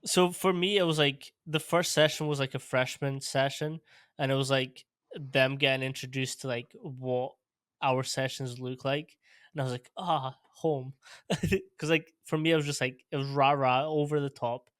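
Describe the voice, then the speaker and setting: A young Scottish man chatting casually as a podcast host, laid-back and quick to laugh. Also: medium pitch, flat delivery, fairly bright tone, clean tone, dry recording, clean studio sound. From Scotland. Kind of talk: casual interview chat.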